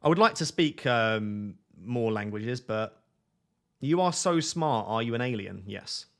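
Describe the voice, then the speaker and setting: A man's voice: mid-range voice, lively intonation, measured pace, fairly bright tone. Jokey self-mocking male streamer. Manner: jokey, self-mocking, reads chat aloud. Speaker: fantasy football streamer. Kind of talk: live stream chat reading. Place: home at night.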